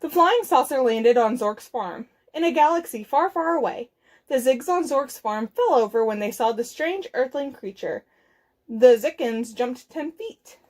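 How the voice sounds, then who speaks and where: A woman reading a picture book aloud at library storytime, expressive and carefully enunciated. Her voice sits high, and she takes the story at an unhurried pace. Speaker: children's librarian.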